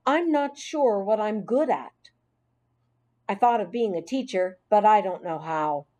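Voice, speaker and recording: A woman's voice: mid-range voice, lively intonation, unhurried, darkish tone, close to an everyday voice. A woman voicing a friendly, self-doubting middle-aged male custodian in an audiobook. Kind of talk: audiobook character voice.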